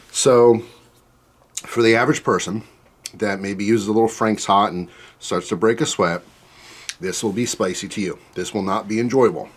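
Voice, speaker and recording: A man with a fairly low voice rambles casually through a spicy soup taste test. He fills gaps with "um" and "like" and drifts off topic. His mouth burns from the heat as he talks. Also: breathy edge. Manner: chatty, rambling, with many fillers and asides. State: mouth burning from spicy food. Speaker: food reviewer.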